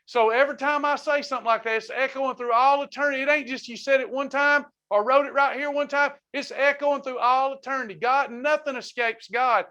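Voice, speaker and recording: A man's voice: extremely high pitch, fairly even intonation, a little fast, few pauses, sharp tone, dull audio. A man leading a faith-based wellness class, preaching with fervor and reading out members' comments as he goes. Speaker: wellness ministry leader. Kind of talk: preaching to a live online class.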